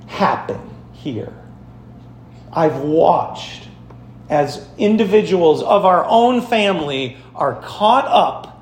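A man pastor giving a sermon, telling stories and speaking straight to his congregation with emphatic, lively delivery. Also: fairly high pitch, echoey room. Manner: storytelling, emphatic, addresses congregation directly. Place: church sanctuary.

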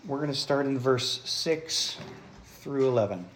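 A male pastor preaching a teaching sermon. He keeps asking the congregation questions, slows right down on key phrases and hurries through asides. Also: mid-range voice, a bit bright, echoey room. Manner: engages the congregation with quick questions, teaching and explaining; varies pace widely, slowing on key phrases and rushing asides.

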